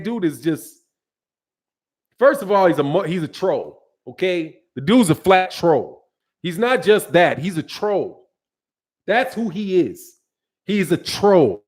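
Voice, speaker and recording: A man hosting a boxing channel live stream, giving emphatic commentary, reading viewer chats and repeating his points for stress. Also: high voice.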